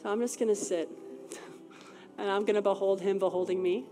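A woman leading a congregation in soft, intimate prayer, speaking prophetic words. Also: medium pitch, fairly even intonation, a little fast. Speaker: worship leader. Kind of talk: prayerful exhortation over music. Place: church or conference hall. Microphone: handheld mic. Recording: live with loud instrumental music behind.

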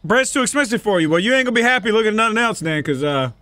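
A man riffs through a let's-play, cursing and teasing the customers as he rings them up. His voice sits high and sounds bright and sharp. The sound is close and dry, with almost no room in it. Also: lively intonation, rapid-fire, no room sound. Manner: profane, joking banter with game customers. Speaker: gaming channel host. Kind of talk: casual let's-play commentary.

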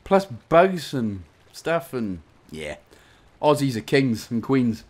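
Lively Welsh man guiding through a game. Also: mid-range voice, slow. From Wales. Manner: jokey, rambling asides between instructions. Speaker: game guide narrator. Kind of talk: commentary over gameplay walkthrough.

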